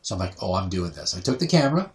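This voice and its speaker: Animated storyteller man, roomy sound. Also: sits low, racing. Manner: animated, acts out other people's voices. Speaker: podcast host. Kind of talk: casual storytelling. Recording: roomy sound, voice distant from the mic.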